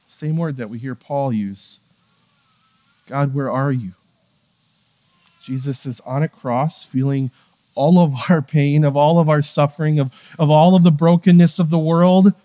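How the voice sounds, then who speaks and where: Male pastor, fairly high voice, casual sermon delivery that drops to a hush and then builds up loud. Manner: swings from hushed, quiet passages to raised, emphatic ones; conversational, with fillers and asides.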